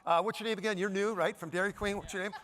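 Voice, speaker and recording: Bright, peppy male keynote speaker. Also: sits high, fairly even intonation. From Denver, Colorado. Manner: upbeat, playful, bossing the crowd with quick commands. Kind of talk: high-energy audience-participation keynote. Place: conference hall stage.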